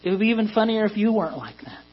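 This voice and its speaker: A man's voice: high-pitched, big pitch swings, very fast, husky. A man preaching a sermon to a congregation in a conversational way that rises to emphatic peaks. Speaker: pastor. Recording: dull lo-fi recording with mains hum.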